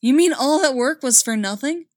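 A woman voicing an impetuous young male rebel who speaks loudly and sounds dismayed. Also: sits high, lively intonation, normal speed, dry recording, studio quality, pitched above the performer's own voice.

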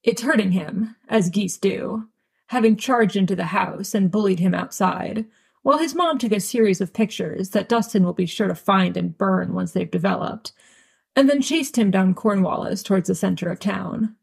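A woman narrates a story in a wry, deadpan way. Her voice is gravelly and husky, and she sits at a middling pitch. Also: normal speed. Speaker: audiobook reader. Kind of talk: fan audiobook narration.

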